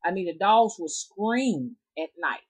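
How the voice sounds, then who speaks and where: Low-pitched Southern woman with a drawl; casual, meandering vlog storyteller. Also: lively intonation, a little slow, husky, poor audio. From Southern United States. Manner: rambling, chatty, talks straight to her audience. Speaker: rootworker storyteller.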